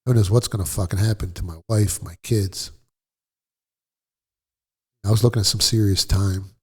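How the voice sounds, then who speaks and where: A middle-aged man telling a personal story in a blunt, profane, animated way, as a guest in a casual interview. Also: lowish voice, normal speed, breathy edge.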